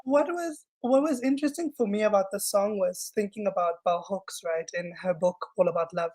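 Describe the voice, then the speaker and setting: Podcast co-host, woman, measured and thoughtful, mid pitch. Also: a little mellow. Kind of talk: casual chat.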